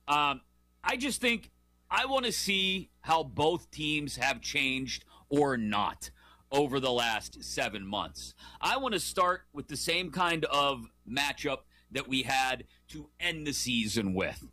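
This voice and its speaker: A man hosting a sports talk show, giving his opinions in an animated, jokey and emphatic way. He sounds like he is in his thirties or forties. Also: a little high, unhurried, dry recording. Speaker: sports podcast host.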